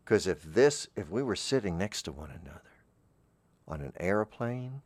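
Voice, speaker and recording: A man's voice: fairly low pitch, expressive, normal speed, a bit bright, dry recording. A man in a rambling comedic monologue, drifting through absurd, meandering trains of thought. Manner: talks over background music. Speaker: comedic character host.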